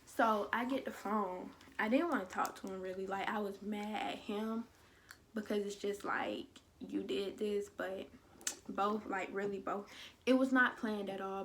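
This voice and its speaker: A young woman with a gravelly, creaky voice tells a personal story in a casual storytime vlog. She slips into quick impressions of the people in it, and a faint hiss runs under her voice. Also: mid-range voice. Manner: animated storytelling, acting out quotes of others. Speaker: vlogger.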